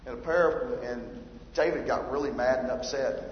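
A man's voice: mid-range voice, normal speed, slight background noise. A man preaching a sermon, emphatic and rising in force when he reads scripture. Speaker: pastor. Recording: roomy hall reverb, dull lo-fi sound.

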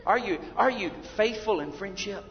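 Fervent preacher, high gravelly male voice. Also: lively intonation, normal speed. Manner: fervent, swinging from shouts to hushed asides. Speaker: pastor. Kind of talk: sermon. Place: church sanctuary. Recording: dull, lo-fi, with long hall reverb.

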